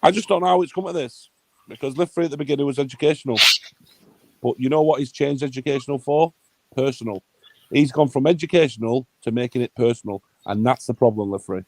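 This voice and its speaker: A man's voice: medium pitch, fast talker, dark tone. Sweary man ranting. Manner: heated, sweary, blunt. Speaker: livestream host. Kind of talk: ranting livestream chat.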